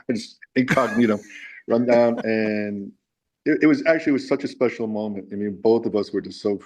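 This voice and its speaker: A man's voice: on the low side, a little mellow, low-quality recording. A man being interviewed about his music, telling a long, rambling anecdote with many restarts. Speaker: musician guest. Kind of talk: casual interview storytelling.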